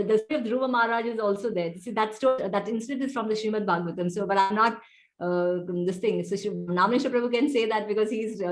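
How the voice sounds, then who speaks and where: Woman teaching a devotional class. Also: medium pitch. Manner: discursive, full of "you know" asides. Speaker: teacher leading a scripture class.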